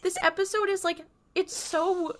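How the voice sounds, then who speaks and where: A woman's voice: extremely high pitch, little pitch movement, moderate pace, a bit bright, slight background noise. A woman co-hosting a casual rewatch podcast, adding wry, joking commentary. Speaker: podcast co-host.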